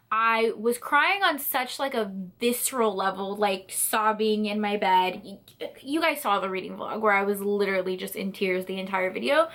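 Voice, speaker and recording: A woman's voice: a little high, a bit bright. A woman in her twenties chatting in a reading vlog, bubbly and gushing, with lots of fillers. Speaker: book vlogger.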